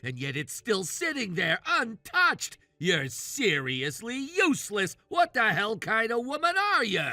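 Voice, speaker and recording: A man voicing a demanding, sexist jobless brother-in-law in his thirties for a text message story, yelling orders and insults. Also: high-pitched, wildly swooping pitch, unhurried, few pauses, dry recording, heavily acted. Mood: angry. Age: 30s.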